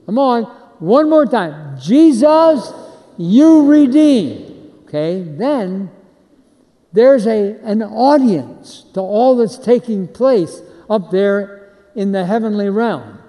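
A preacher, a man who speaks slowly and leads his congregation in repeated call-and-response lines. His voice sits high and mellow. A long reverb from a large hall trails behind each phrase. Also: animated. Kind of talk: sermon.

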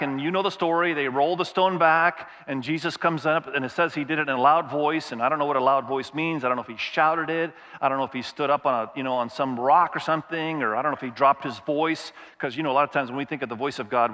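A man's voice: a little high, fast, bright, forceful tone, long reverb tail. A male pastor preaching a sermon, reading scripture aloud and asking the congregation questions as he goes.

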